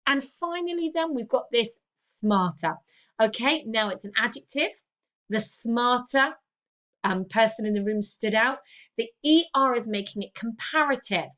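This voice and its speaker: A woman's voice: fairly high pitch, lively intonation, a little slow, fairly bright tone. A woman teaching an English language lesson, explaining step by step and checking in often with "okay". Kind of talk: recorded grammar lesson.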